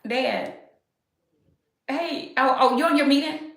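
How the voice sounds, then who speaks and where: An upbeat, animated woman hosting a casual live stream from home, talking straight to her viewers. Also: high voice, takes it slowly, long pauses. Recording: echoey room.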